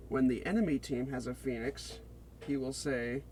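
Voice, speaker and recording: Man reading a scripted pitch. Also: moderate pace, mellow, slight background noise. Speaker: game fan presenting a character concept. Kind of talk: read-aloud character pitch.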